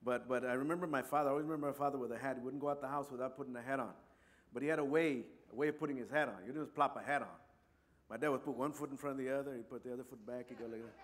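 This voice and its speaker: A man's voice: mid-range voice, fairly even intonation, racing. A man from Compton with a Chicano English accent, telling a personal story in a rambling way with many asides. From Compton, California. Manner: warm, rambling, many asides like "you know" and "right". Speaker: speaker.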